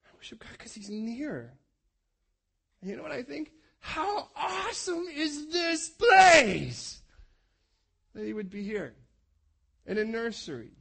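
A man preaching a passionate sermon as a pastor, swinging from loud urgent calls to quiet, soft prayer. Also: high-pitched, sing-song, normal speed, gravelly, long pauses, husky.

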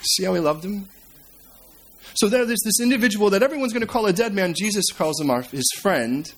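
A man preaching a sermon, retelling scripture as a story and swinging between emphatic and hushed delivery. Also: high voice, lively intonation, fairly quick, a little hiss or hum. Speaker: pastor.

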